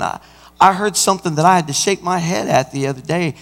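Male pastor mid-sermon, animated delivery, higher-pitched, recorded in a reverberant hall. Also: brisk, gravelly. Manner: animated preaching, acts out an anecdote. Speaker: senior pastor. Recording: church hall with long reverb.

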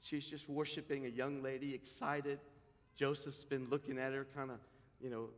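A man preaching a sermon, exhorting emphatically and swinging from loud declarations to hushed asides. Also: mid-range voice, little pitch movement, moderate pace. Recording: long hall reverb.

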